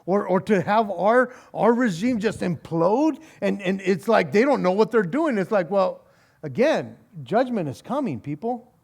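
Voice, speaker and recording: Guy pastor doing a bible study, pretty high voice, takes his time, reads the verses then gets kinda sarcastic about it, lots of "and, and". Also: expressive, measured pace, creaky, darkish tone. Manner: reads scripture aloud, then talks it through with wry sarcasm; frequent repeated words and chuckles. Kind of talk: conversational Bible study sermon.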